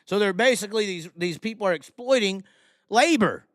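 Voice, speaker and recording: A male live-stream host with a high, smooth voice and a sarcastic, ranting delivery. He mocks his chat as he talks. The sound is dry and close, with no room echo. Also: lively intonation, a little fast, a bit bright. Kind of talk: live call-in chat show.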